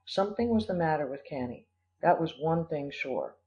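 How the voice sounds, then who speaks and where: A man giving a measured, scripted audiobook narration. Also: a little high, animated, warm tone. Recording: dull lo-fi audio.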